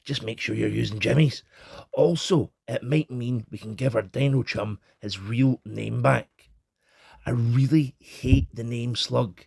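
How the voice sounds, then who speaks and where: Scottish bloke reviewing toys, cheeky and irreverent, bit husky. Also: male voice, medium pitch, a little slow, a little mellow, no echo, studio quality. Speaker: toy reviewer. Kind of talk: scripted comic review.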